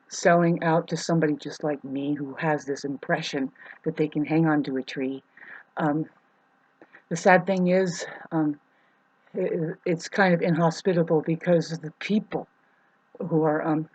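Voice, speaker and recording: A woman's voice: deep voice, darkish tone, slightly rough, poor audio. A woman in a rambling, profane monologue, half-rhyming and sarcastic, with many ums.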